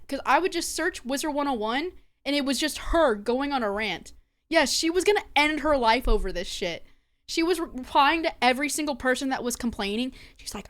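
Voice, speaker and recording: A woman's voice: sits high, animated, moderate pace. A young woman streamer chatting casually and gossiping, swearing freely as she talks. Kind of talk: casual live-stream chat.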